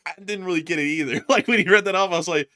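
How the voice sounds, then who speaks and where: A young man hosting a channel in casual chat, laughing often and breaking into loud acted quotes. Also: sits high, very fast. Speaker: channel host. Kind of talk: casual chat on current events.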